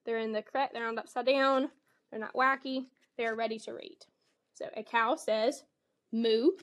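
Lady teacher walking through a kids book lesson, higher voice, explains as she goes, does the animal noises. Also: steady tone, normal speed. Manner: explanatory, reads animal sounds with bright expression. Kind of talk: model lesson demonstration.

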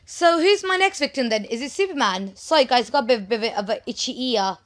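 A woman giving chatty, excitable gameplay commentary, often apologizing to her viewers. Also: fairly high pitch, brisk. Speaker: let's play gamer.

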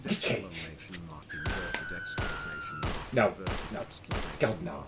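A man, livestreaming and yelling angry, swearing commentary at his game and his chat. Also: on the high side, big pitch swings, a little slow, heavy background noise. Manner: shouting, swearing, exasperated outbursts. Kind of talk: raging live gameplay commentary.

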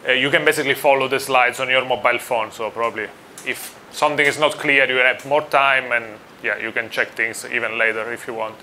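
A man's voice: mid-range voice, fairly even intonation, brisk, sharp tone, a little hiss or hum. A man from Italy with an Italian accent, giving a friendly conference talk to a live audience and asking them questions. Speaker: conference speaker.

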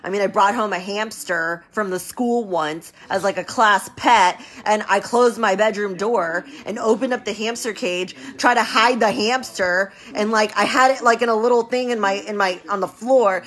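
Woman business owner, casual live chat, bright tense tone, repeats herself for emphasis. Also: mid-range voice, normal speed, few pauses. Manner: chatty, rambling, repeats words for emphasis. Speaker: medical business owner hosting a live stream. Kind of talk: casual live-stream talk.

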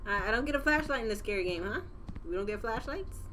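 Lively, swearing woman gamer. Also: on the high side, quick pace, a little hiss or hum. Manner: loud, profane, jokey reactions. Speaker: gaming channel host. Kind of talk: horror game commentary.

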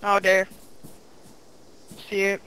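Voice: mid-range voice, completely flat delivery, slow, sharp tone, smooth, low-quality recording. A gamer chatting casually while playing, swearing freely and trash-talking enemies. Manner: profane trash talk. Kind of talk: casual gameplay chat.

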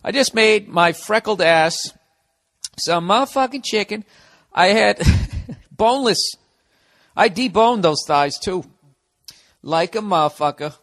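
A man's voice: high voice, expressive, measured pace, long pauses, fairly bright tone. A man in his forties from the United States hosting a podcast, rambling through a casual solo monologue full of swearing and wisecracks. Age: 40s. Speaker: podcast host.

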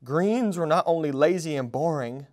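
A man reading a children's storybook aloud at a storytime, in an expressive, animated way. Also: a little high, normal speed. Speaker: storytime reader.

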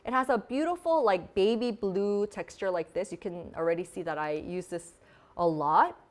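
Speaking at a moderate pace in a mid-range voice, a beauty vlogger runs a casual live product demo. Her talk is bubbly and easygoing, full of "like" fillers.

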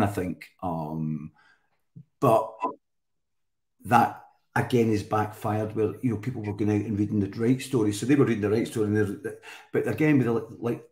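A man's voice: on the low side, a little mellow. A Scottish man chatting as a guest, telling stories in a rambling way with many restarts. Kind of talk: casual chat. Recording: roomy echo.

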